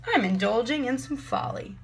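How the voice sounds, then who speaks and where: A woman voicing an excitable elderly lady who gushes in high, breathless exclamations. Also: normal speed. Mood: cheerful.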